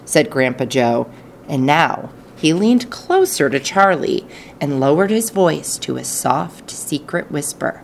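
A woman narrating an audiobook with expressive, animated storytelling. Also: deep voice, takes it slowly, gravelly. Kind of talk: audiobook reading.

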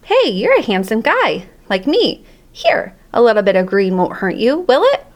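A woman's voice: big pitch swings, normal speed. Woman reader as cheerful joking janitor man, a bit raised, storybook. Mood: friendly. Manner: friendly, joking, booming. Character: jolly middle-aged male night janitor, joking.

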